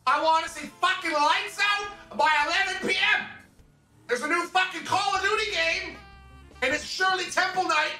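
A man voicing a foul-mouthed army drill sergeant who barks profane orders in a raised, high voice. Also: normal speed, sharp tone, faint music behind, heavily acted. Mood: bellowing. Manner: bellowing, profane barked orders.

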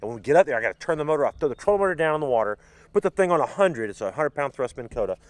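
An American man hosting a podcast, telling a story in a lively way, acting out voices and sound effects. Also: on the high side, rapid-fire, dry recording. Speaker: podcast host. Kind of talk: casual storytelling.

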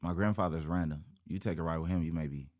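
A man's voice: fast, a little mellow. A man, a guest on an interview show, telling a personal story and acting out the voices of the people in it. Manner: acts out quoted voices, jumping high in pitch. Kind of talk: animated storytelling.

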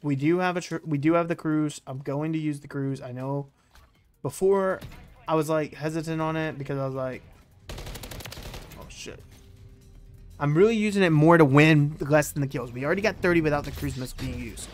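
Excitable gamer man, fairly high voice. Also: a little fast, soft background music. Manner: excitable, swears, trash-talks. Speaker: gaming YouTuber. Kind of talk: live gameplay commentary.

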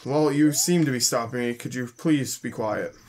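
A man's voice: mid-range voice, normal speed, darkish tone. A young man from Canada, hosting a let's play and chatting casually while he plays, grumbling and joking and reading game text aloud. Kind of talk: casual gameplay commentary.

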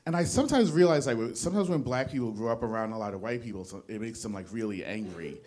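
Medium in pitch, expressive, a little mellow, and fast-talking, a young comedian from New Jersey performs for a live audience in a small studio. His material is rambling and self-deprecating, with frequent false starts.

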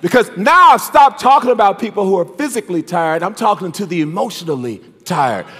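Man preaching, high pitch, shouting call-and-response, long church reverb. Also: lively intonation, brisk, slightly rough. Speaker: pastor. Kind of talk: sermon. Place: church sanctuary.

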